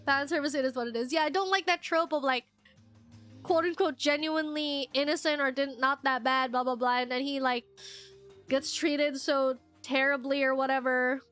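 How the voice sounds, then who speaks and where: A woman streamer giving rambling, animated commentary while playing a game. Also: high voice, normal speed, faint music behind. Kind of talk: game let's play commentary.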